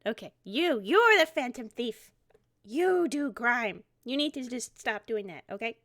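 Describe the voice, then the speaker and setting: A woman's voice: fairly high pitch, animated, moderate pace, no room sound, studio quality, natural voice. A woman voicing an earnest, unsure young boy who plays detective and speaks in a hesitant yet stern way. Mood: earnestly stern.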